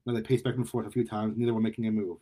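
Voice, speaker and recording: A man reading a superhero story aloud in a lively way, often stumbling and repeating words. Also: fairly low pitch, very fast. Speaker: story reader.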